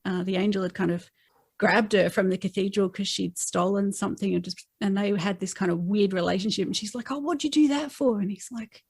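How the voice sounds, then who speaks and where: A woman's voice: medium pitch, level tone, a little fast, vocal fry, slightly rough, dry recording. An Australian woman, a guest author, chatting casually in an interview and acting out quoted lines as she tells stories. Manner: chatty storyteller who acts out quoted lines.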